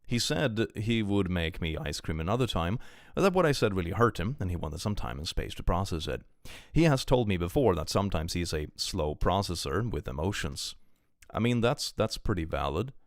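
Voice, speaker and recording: A young man with a low voice that climbs and dips freely reads online posts aloud on his live stream. He stops to rant about them and swears freely. The sound is dry and close to the mic. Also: big pitch swings, normal speed, no echo. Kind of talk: casual live-stream commentary.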